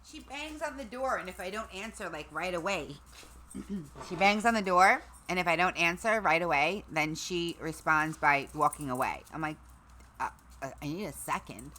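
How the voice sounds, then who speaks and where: A middle-aged woman hosting a casual livestream, chatting to her viewers, her equipment and her dogs, her voice going hoarse. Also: fairly low pitch, normal speed, pushed and bright, slight background noise. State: losing her voice. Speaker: livestream host.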